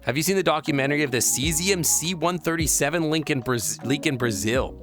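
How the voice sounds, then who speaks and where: A young man chatting casually on a live stream, reading and answering viewer messages, playful and giggly, rambling and breaking into squeaky high exclamations. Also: fairly quick, a bit bright, soft background music. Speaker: VRChat streamer.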